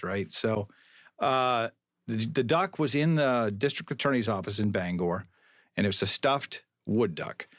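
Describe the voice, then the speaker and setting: A man's voice: on the low side, no room sound, clean studio sound. A middle-aged man, a police spokesman, telling a long story as a podcast guest in a wry, rambling way that keeps correcting itself. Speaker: police public information officer, guest. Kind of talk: storytelling interview.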